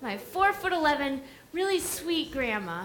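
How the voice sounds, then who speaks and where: A woman filmmaker at a premiere Q&A telling a story in a fast, animated way with lots of restarts. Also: high-pitched, a little hiss or hum. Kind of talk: casual storytelling on a panel. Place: venue at a film premiere.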